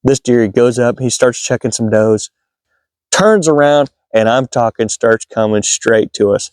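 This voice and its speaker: A man hosting a hunting video, telling a folksy, excitable story about a deer hunt. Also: mid-range voice, a little slow, clean tone, dry recording, clean studio sound. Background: guitar music.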